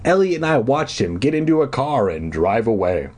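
A man's voice: mid-range voice, very animated, moderate pace, darkish tone. A man reading a children's horror book aloud and then chatting in a crude, sarcastic, rambling way. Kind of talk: storybook reading and casual chat.

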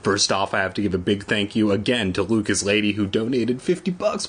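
A man hosting a casual read-aloud podcast, talking in rambling, jokey asides full of swearing, with a husky voice. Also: on the low side, a little fast, few pauses. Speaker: podcast host reading books aloud.

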